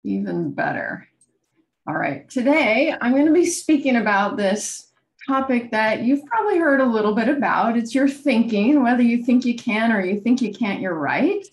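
A woman's voice: on the high side, big pitch swings, normal speed. A woman giving a keynote presentation over a video call, confident and enthusiastic. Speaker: keynote speaker.

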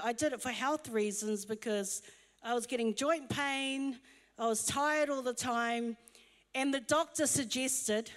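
Female pastor, high-pitched, humorous conversational sermon, long church reverb. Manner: humorous, chatty storytelling. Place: church auditorium.

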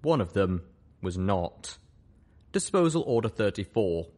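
Man, audiobook narrator, lowish voice, steady measured delivery. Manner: steady, measured, first-person storytelling. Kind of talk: audiobook narration of fan fiction.

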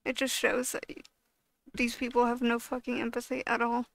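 A woman ranting heatedly to camera, swearing and restarting often, with a gravelly edge to her voice. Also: on the high side, monotone, normal speed, no echo, poor audio. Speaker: video creator. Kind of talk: angry rant to camera.

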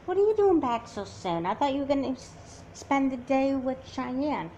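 A woman voicing a gentle, caring mother who coaxes her upset daughter in an amateur doll movie. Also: sits high, animated, moderate pace, slight background noise. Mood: comforting. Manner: soothing, coaxing.

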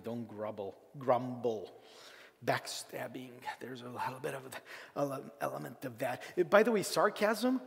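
A male pastor preaching a conversational, animated sermon, often acting out the voices of grumbling people. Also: medium pitch, creaky. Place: church sanctuary. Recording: long hall reverb.

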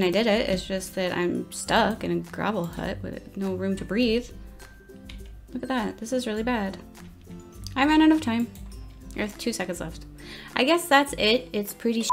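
A young woman giving casual commentary over her own game, chatty and self-mocking, often flustered as she races the clock. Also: mid-range voice. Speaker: gaming YouTuber.

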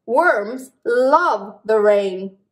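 A woman reading the lines of a patient, cheerful mother in a children's storybook, calm and gently instructive. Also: on the high side, very slow, pitched below the performer's own voice.

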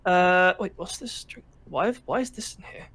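A man's voice: high voice, normal speed, a bit bright. Stammering man playing a bartender. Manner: stammering, repeats words. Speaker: bartender character. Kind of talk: casual Minecraft role-play.

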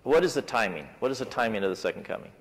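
This Sabbath School teacher races along in a sing-song, medium-pitched voice, chatting conversationally with his class. They're in a church classroom; the recording carries church-hall reverb and slight background noise.

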